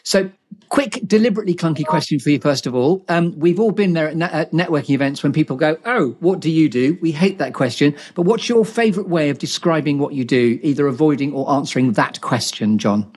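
A middle-aged man hosting a live online interview, animated and playful with his wording. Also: fairly high pitch, brisk, breathy edge. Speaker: host.

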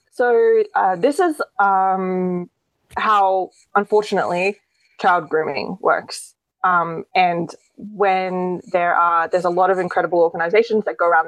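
A woman's voice: lowish voice, dry recording, low-quality recording. A woman, a guest expert earnestly explaining in a conversational interview, often restarting her sentences.

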